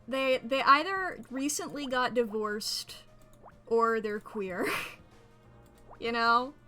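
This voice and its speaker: Bright, playful woman streamer. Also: fairly high pitch, takes it slowly, faint music behind. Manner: playful, rambling, laughs often. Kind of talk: casual gameplay commentary.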